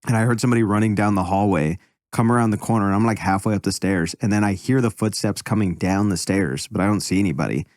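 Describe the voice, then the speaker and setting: A young man chatting on a comedy podcast, his voice sitting a bit low. He tells stories loosely, laughing and acting out the people in them. The sound is dry and close, with no room in it. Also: fast, a little mellow, no echo. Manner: laughing storyteller, acts out quotes. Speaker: podcast co-host. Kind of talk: casual chat.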